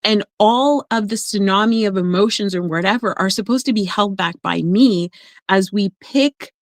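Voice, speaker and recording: A woman who works as an emotional coach, talking in a casual podcast conversation and telling stories with lively acted-out voices. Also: medium pitch, normal speed, no echo. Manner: animated storyteller, acts out quoted voices.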